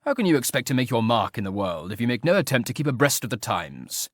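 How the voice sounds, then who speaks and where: A man's voice: mid-range voice, very animated, fast talker, fairly bright tone, no room sound, studio quality. A man reading an audiobook voices an idle, teasingly ironic aristocratic marquis who talks in a mock-mournful drawl.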